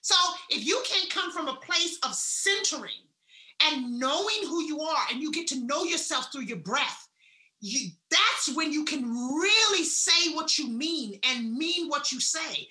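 A woman giving a blunt, salty motivational talk, swinging between loud emphasis and hushed asides. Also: high-pitched, expressive, measured pace, reverberant. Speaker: wellness speaker.

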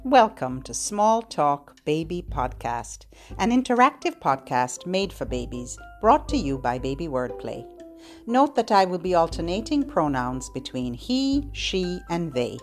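A woman's voice: fairly low pitch, sing-song, faint music behind. Sing-songy woman hosting a baby podcast. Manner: gentle, sing-songy, clear and slow. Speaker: children's librarian, podcast host. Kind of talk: scripted instructions for parents, with nursery songs.

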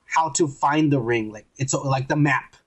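A man's voice: mid-range voice, moderate pace. A man hosting a podcast, retelling a TV episode in a profane, rambling way with lots of acted-out quotes. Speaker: podcast host. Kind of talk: casual recap of a TV episode.

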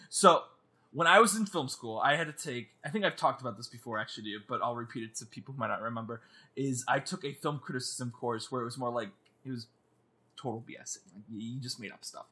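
A man in casual movie chat with a friend, animated and often laughing. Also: medium pitch. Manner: animated, laughing, mock-screaming.

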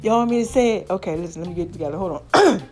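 A woman hosting a podcast with a raspy, slightly hoarse voice, preaching casually and calling her listeners "baby" and "y'all". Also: very fast, a little mellow, faint music behind. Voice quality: raspy, deeper than usual. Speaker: podcast host. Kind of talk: casual motivational podcast monologue.

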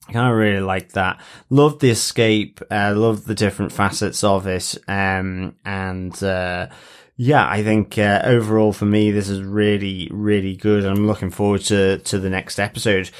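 A man co-hosting a podcast, reviewing with many pauses and fillers, and presenting a quiz question. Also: fairly low pitch, level tone, smooth. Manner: hesitant, many fillers, then announcing the quiz. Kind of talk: casual chat.

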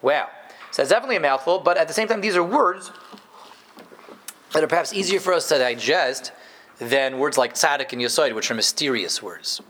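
A man leads a live Torah class in a voice a little higher than most men's, talking animatedly and a bit fast. He punches key words with sudden lifts, sinks into low asides, and jokes easily with his students.

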